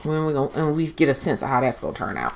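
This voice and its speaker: A woman's voice: a bass voice, very animated, quick pace, vocal fry, a little hiss or hum. A woman recapping a TV show in a casual, chatty way, giving her opinions and acting out quotes. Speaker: TV recap host.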